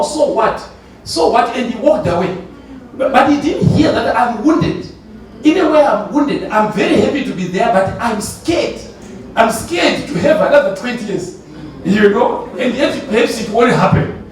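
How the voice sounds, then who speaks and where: High-voiced man testifying in an echoey hall. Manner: animated, laughing, repeats himself. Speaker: church elder giving testimony. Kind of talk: conference testimony. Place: large conference hall. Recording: echoey hall from far off, faint noise.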